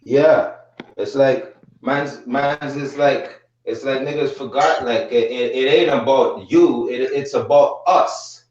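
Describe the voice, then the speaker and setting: A man's voice: mid-range voice, slow, darkish tone. A man vents on a livestream panel, swearing and pressing his points hard. He sounds far from a muffled mic in an echoey room. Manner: indignant, profane, emphatic. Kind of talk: heated livestream chat. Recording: distant, roomy, muffled mic.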